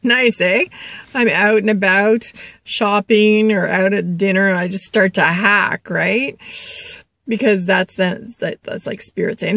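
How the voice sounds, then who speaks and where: Chatty and laughing, a woman passes along a spirit's messages in her spiritual reading vlog, addressing listeners as children and coughing between thoughts. She's an intuitive reader with a mid-range, gravelly yet fairly bright voice and a slow delivery. There's no echo on the recording.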